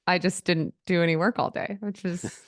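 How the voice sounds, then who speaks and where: A woman's voice: lowish voice, fairly even intonation, moderate pace, no room sound, studio quality. A woman co-hosting a podcast in casual chat, talking openly with frequent "like" and "um" fillers. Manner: chatty and open, with frequent "like" and "um" fillers. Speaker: podcast co-host.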